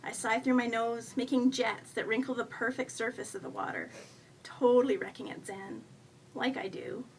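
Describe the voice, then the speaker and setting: A woman in her thirties, her voice on the high side, reads her own funny first-person story at a live event at a moderate, steady pace. Her delivery is wry and self-mocking, and the recording has faint noise, with her voice a little far from the mic.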